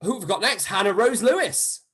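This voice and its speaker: Lively man hosting a video call. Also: sits high. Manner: upbeat, playful, quick to laugh. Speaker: host and director. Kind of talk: casual live-stream cast introductions.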